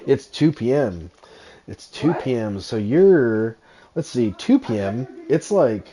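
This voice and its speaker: A man hosting a game livestream in an easygoing, chatty way, joking with his viewers and often laughing between thoughts. His voice sits at an ordinary middle pitch, and he explains what he is building as he talks. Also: big pitch swings, slow, mellow, slight background noise. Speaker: streamer. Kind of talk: casual livestream chat and gameplay commentary.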